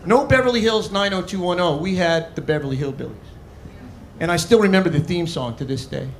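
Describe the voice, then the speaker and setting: A man's voice: high voice, fairly quick, slight background noise. A man from Arizona doing a stand-up comedy set on a club stage, with a brash, mocking, punchy delivery into a handheld mic. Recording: echoey club with audience laughter.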